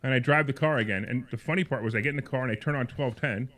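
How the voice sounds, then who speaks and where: A radio talk show host with a quick, fairly bright, medium-pitched voice tells a long, rambling personal story on his call-in show. He repeats words and restarts, getting more heated and indignant as it goes on.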